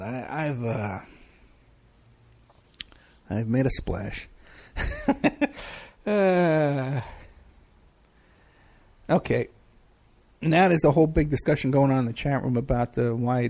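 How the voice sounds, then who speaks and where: A man's voice: mid-range voice, takes it slowly, creaky, pauses often, darkish tone. A middle-aged man hosting a live show, chatting casually and rambling through questions from the chat with many fillers. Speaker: podcast host.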